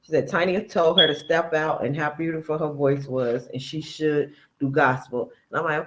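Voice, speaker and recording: A man with a fairly high speaking voice for his sex, talking in a chatty, conversational way. He hosts a reaction commentary, quoting another person's words and picking them apart line by line. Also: steady tone, normal speed, a bit bright, a little hiss or hum, low-quality recording. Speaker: commentary channel host.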